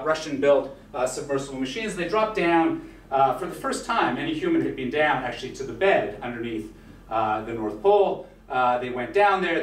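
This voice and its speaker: A man giving a history lecture in a conversational way, with many "uh" fillers and wry asides. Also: medium pitch. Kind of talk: university lecture. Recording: echoey hall, mic far off, faint hiss.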